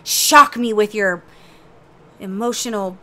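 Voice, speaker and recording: A woman's voice: medium pitch, slow, sharp tone. A young woman co-hosting a casual gaming podcast, teasing and blunt. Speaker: podcast co-host.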